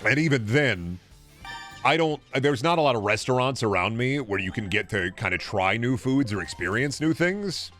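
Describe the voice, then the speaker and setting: A man's voice: mid-range voice, lively intonation, normal speed, a bit bright, soft background music. Rambling, profane male streamer. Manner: rambling, profane, stammering restarts. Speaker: game streamer. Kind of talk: casual chat while streaming a game.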